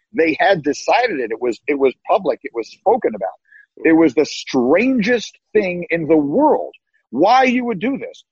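A man with a husky, slightly raised voice tells stories as a podcast guest. He is emphatic and often repeats his first words. His voice comes through a dry, dull, lo-fi remote line. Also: a little high, darkish tone, no echo. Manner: emphatic, repeats words when starting sentences. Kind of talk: animated storytelling.

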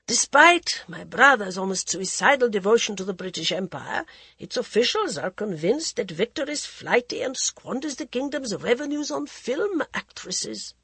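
A woman's voice: a little high, a bit bright, slightly rough, no echo, pitched above the performer's own voice, heavily acted. A woman voicing a mocking, aloof young prince who speaks in a cool, condescending way.

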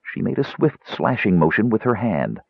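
A male audiobook narrator with a low, husky voice that rises and falls a lot as he tells the story. His delivery is measured and expressive. The recording is dry and slightly dull. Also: no room sound.

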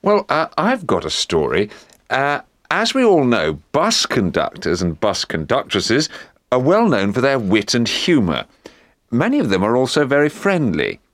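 A man's voice: medium pitch, wildly swooping pitch, a little slow, a bit bright, dry recording, clean studio sound. A man on a panel telling an amused anecdote, chatty, with hesitant fillers. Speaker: panel member.

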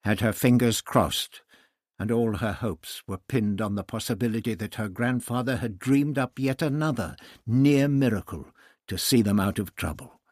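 A man narrating a novel aloud as an audiobook, in a measured, even storytelling manner. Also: mid-range voice, no room sound, studio quality. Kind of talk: scripted narration.

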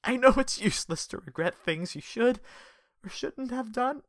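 A woman voicing a soft-spoken, subdued grown man. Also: a little high, lively intonation, normal speed, dry recording, studio quality, pitched above the performer's own voice, close to an everyday voice. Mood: sad. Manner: quiet, subdued. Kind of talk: audiobook character voice.

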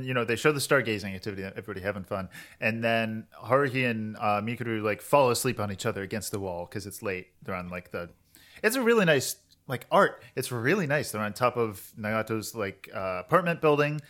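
A man's voice: fairly low pitch, brisk. A man co-hosting a podcast, retelling an anime episode in a rambling, casual chat. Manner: rambling, animated retelling with quoted voices. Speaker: podcast co-host.

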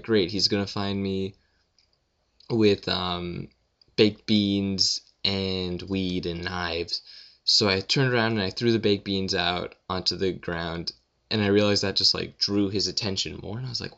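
Young man, just out of bed, rambling self-deprecating vlogger; deep, gravelly, slightly muffled home recording. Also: pushed and bright. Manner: rambling, self-mocking, filler-heavy with frequent "like". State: just woken up. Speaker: blogger answering questions. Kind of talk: casual rambling monologue.

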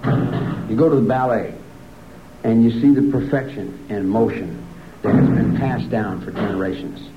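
A man answering an interviewer in a rambling, repetitive way, his voice climbing high and heated as he argues. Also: unhurried, echoey room, heavy background noise. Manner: rambling, repeats himself, climbs to a high agitated pitch. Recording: dull lo-fi archive recording.

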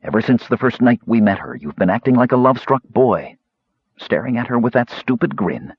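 A man's voice: mid-range voice, expressive, brisk, husky, no echo, lo-fi sound, pitched above the performer's own voice. A man doing Raistlin, a cold sickly young mage. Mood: scornful. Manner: cold, clipped, scornful. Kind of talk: audiobook character voice.

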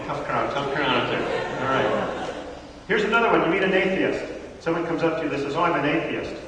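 A man in his thirties teaching a church audience, an animated storyteller who acts out the voices in his stories. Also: mid-range voice, a little hiss or hum. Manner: animated storyteller acting out dialogue. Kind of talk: lively talk to a live audience. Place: large hall with audience. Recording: echoey hall from far off.

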